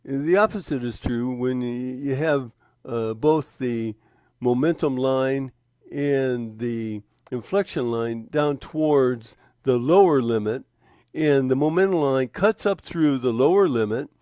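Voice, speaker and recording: A man in a dry, close recording, explaining a chart at a slow, unhurried pace. He often stops, restarts his sentences and points at spots on the screen. His voice sits at a medium pitch. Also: mellow, no echo. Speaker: trading instructor. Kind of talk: screen-share walkthrough of a trading indicator.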